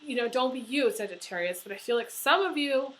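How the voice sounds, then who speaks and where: A woman's voice: fairly high pitch, expressive, fairly quick, fairly bright tone, poor audio. A woman giving a tarot horoscope reading, talking earnestly and emotionally with many fillers and restarts. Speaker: tarot reader.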